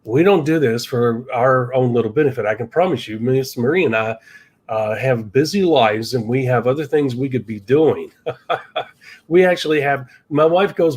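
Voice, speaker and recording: A middle-aged man hosts a business podcast in a relaxed, chatty way. His voice sits at an everyday pitch, and he laughs easily as he talks. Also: normal speed, breathy edge. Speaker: podcast host. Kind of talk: casual chat.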